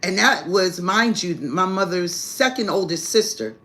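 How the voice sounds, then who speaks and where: Lowish and fairly bright, this woman's voice is animated yet measured in pace. On her live stream she tells a family story in casual, brash, profane language, laughing heartily and calling her listeners "baby."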